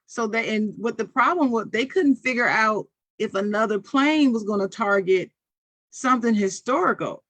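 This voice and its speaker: Calm podcast co-host explaining. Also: medium pitch, moderate pace, dry recording. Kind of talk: casual chat.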